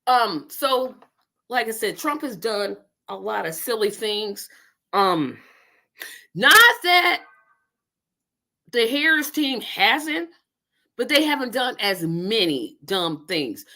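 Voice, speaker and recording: Bright-voiced woman chatting on a livestream. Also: mid-range voice, very animated, takes it slowly. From Indiana. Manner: rambling, talks to viewers while multitasking. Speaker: livestream host. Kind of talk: casual political livestream chat.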